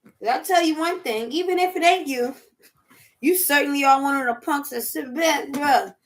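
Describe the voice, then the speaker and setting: High-voiced woman. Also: moderate pace. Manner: animated, laughs often, riffs in bits and asides. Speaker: vlog host. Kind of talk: casual chat while eating dinner.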